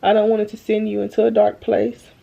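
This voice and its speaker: A young woman talks earnestly to her viewers on a phone camera at home, drained and holding back tears, slow and halting. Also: mid-range voice, completely flat delivery, creaky, dark tone, muffled recording. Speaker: vlogger. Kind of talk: emotional faith-filled vlog talk. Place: at home, bedroom.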